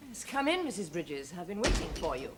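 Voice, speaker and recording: A woman's voice: on the low side, very animated, fairly quick, heavy background noise. A commanding aristocratic lady. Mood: stern. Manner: commanding, formal, then gently consoling. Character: firm, kindly aristocratic lady of the house. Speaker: mistress of the household. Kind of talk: period television drama.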